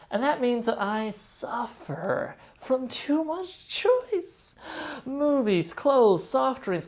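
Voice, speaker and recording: A woman's voice: fairly low pitch, darkish tone. A woman hosting a web show, delivering a scripted comic monologue in a wry, sardonic way.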